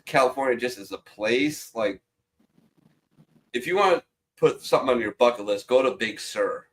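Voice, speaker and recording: A man's voice: mid-range voice, normal speed, fairly bright tone. A middle-aged man with a mid-range voice talks loosely and profanely, reading meme captions aloud between chuckles. He swears freely and keeps a joking, irreverent tone throughout the casual chat. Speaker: show host reading memes.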